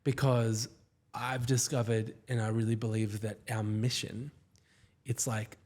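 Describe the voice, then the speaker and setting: A man talks as a podcast guest, with a husky, slightly breathy voice at a middle pitch. He tells his stories with enthusiasm and throws in quick asides. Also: level tone, darkish tone. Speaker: guest, company founder. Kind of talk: casual podcast interview.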